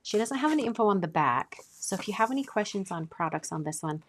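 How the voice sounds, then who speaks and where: A woman hosting a casual live stream, chatting and gushing as she opens mail, often dropping to a soft whisper. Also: medium pitch, expressive, fast talker, a little hiss or hum. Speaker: card-making channel host.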